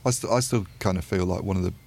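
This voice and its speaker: A man's voice: low voice, fast talker, vocal fry, darkish tone, breathy edge. A man talking through industry issues in a casual podcast discussion, thoughtful and rambling with many asides. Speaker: podcast panelist.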